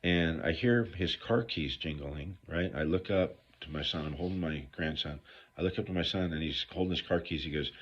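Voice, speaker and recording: A man's voice: sits low, moderate pace, fairly bright tone. A middle-aged man giving a candid recovery talk to viewers, blunt and profane as he rambles through his stories. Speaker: recovery speaker. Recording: dull lo-fi recording.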